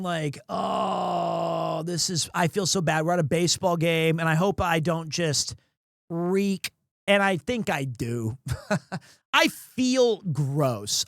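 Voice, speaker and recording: A man's voice: sits high, pushed and bright, no echo, clean studio sound. A young man streaming live, telling a rambling story with lots of restarts and chatting with viewers. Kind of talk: casual livestream chat.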